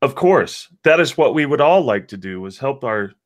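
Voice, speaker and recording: A man's voice: mid-range voice, very animated, normal speed, voice pushed up, close to an everyday voice. A man voicing a pompous, greedy noble adventurer who speaks in a grand, flourishing way. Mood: ingratiating.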